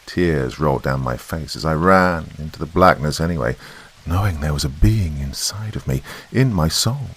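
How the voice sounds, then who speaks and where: A man narrating a first-person horror story in a slow, hushed storytelling manner. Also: a bass voice, animated, slightly rough. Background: faint rain and hiss.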